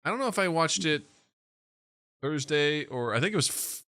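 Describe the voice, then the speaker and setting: A man co-hosting a podcast in casual chat, a rambling storyteller who keeps slipping into quick impressions. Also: fairly high pitch, expressive, pushed and bright. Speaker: podcast co-host.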